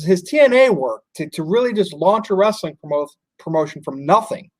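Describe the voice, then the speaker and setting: A man's voice: high voice, dry recording. A man co-hosting a wrestling podcast, chatting casually and tossing questions to his partner. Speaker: podcast co-host.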